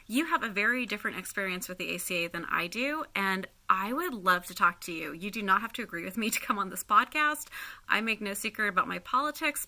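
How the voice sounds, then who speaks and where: A woman hosting her podcast in a casual solo update, rambling and apologetic with many fillers, laughing often. She is in chronic pain, and her voice turns high and shrieky. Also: sharp tone. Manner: laughs often while talking. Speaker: podcast host.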